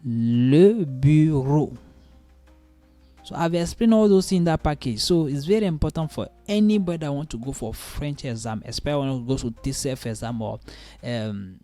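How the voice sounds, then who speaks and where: A man teaching French vocabulary online, slowly repeating each word and often asking learners whether they understand. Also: on the high side, dark tone, soft background music. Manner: slow, drawn-out repetition of each word; keeps checking in with learners.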